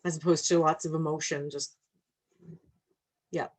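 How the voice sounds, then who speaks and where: A woman hosting a webinar over a video call, reading audience questions and affirming her guest in a relaxed way. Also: low voice, normal speed. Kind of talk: casual moderated webinar conversation.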